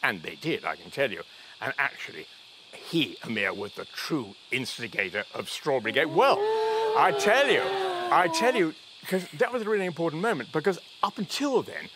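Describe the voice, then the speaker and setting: A man's voice: on the high side, sing-song, moderate pace, heavy background noise. A man guest in a chatty interview, telling anecdotes jovially, laughing often and restarting his sentences. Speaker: reality show contestant guest.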